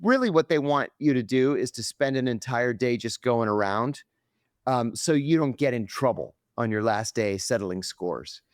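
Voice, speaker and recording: Lively, dramatic male storyteller. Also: medium pitch, moderate pace, no room sound, clean studio sound. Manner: dramatic, acts out quoted voices. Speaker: guest. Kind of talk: animated storytelling.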